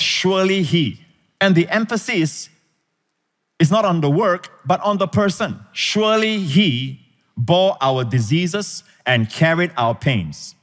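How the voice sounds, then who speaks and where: A middle-aged male pastor preaching a sermon to a congregation, calling for amens and rising to shouted emphasis. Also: medium pitch. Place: church auditorium. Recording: large hall reverb.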